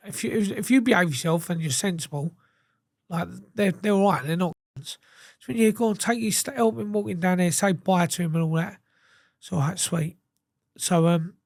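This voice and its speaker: A man's voice: sits high, no room sound, studio quality. Blunt, sweary man. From England. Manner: blunt, sweary, acts out quoted dialogue. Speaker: guest. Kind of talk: casual storytelling.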